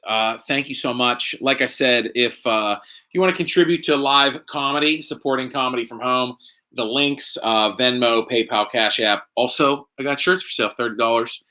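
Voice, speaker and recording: A man's voice: mid-range voice, bright, forceful tone. A man hosting a casual live stream from home, tipsy from drinking, rambling and joking with lots of fillers. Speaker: host.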